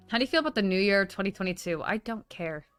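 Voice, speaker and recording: A woman's voice: mid-range voice, lively intonation, fast, soft background music. Chatty, swearing woman livestreamer. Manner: chatty, swears a lot, gushes thanks at donations. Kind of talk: casual stream chat.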